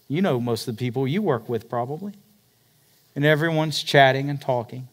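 A man preaching a sermon, retelling a story dramatically, swinging between loud emphatic peaks and hushed, quiet passages. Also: medium pitch, fairly quick. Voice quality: dramatic storyteller, rising to near-shouts then dropping to hushed tones. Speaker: pastor.

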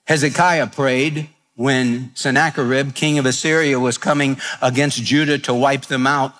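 A man's voice: medium pitch, steady tone, moderate pace, a bit bright. A man preaching a sermon in an earnest, conversational way, telling stories and acting out quoted voices with humor. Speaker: pastor.

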